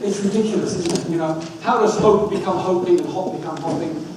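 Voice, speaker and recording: A man giving a lively talk on dyslexia, coaxing the audience through activities with wry asides. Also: high-pitched, fairly quick, distant mic. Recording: echoey hall, speaker off-mic, faint room hum.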